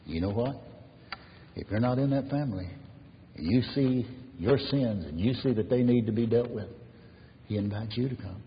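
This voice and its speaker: A man preaching a sermon as pastor, earnestly, rising loud and then falling to a near whisper. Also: mid-range voice, moderate pace, long pauses, slight background noise. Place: church sanctuary. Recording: dull reverberant church recording.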